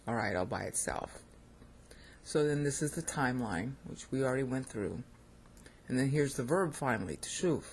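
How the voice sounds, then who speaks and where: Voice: medium pitch, breathy edge. An American Bible teacher giving an informal lecture on scripture, thinking aloud and checking in with listeners.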